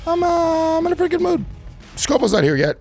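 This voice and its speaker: A man's voice: very high-pitched, big pitch swings, fairly quick, vocal fry, a little mellow, soft background music. A man hosting a podcast in a studio, ranting through profane stories in casual banter. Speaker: podcast host. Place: radio studio.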